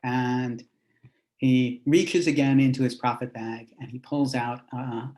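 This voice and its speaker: A man's voice: mid-range voice, fairly even intonation, slow pace, darkish tone. A man, a rabbi, telling a teaching story in a conversational way with fillers and asides. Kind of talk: storytelling lesson.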